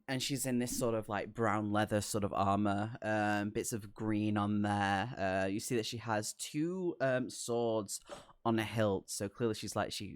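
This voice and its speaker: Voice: medium pitch, clear, resonant tone, no echo. Giggly, rambling game master in a dry room. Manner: giggly, rambling with many fillers. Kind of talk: narrating a tabletop game.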